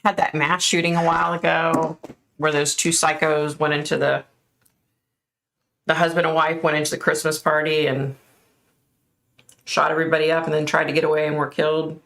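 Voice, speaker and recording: A woman's voice: sits low, little pitch movement, moderate pace, long pauses, a bit bright. A woman hosting a casual livestream, chatting and reacting aloud to viewer comments. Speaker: livestream host.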